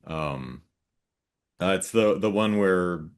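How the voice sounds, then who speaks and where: A man's voice: sits low, lively intonation, takes it slowly, clean tone. A man hosting a podcast, chatting casually about movies, swearing now and then and laughing between remarks. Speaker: podcast host.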